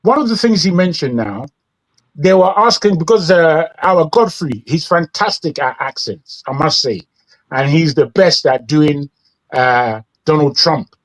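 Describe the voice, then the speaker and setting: A man's voice: on the high side, expressive, measured pace, poor audio. A man hosting an opinionated news commentary show, talking in an indignant, rambling way with frequent restarts. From England. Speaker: host.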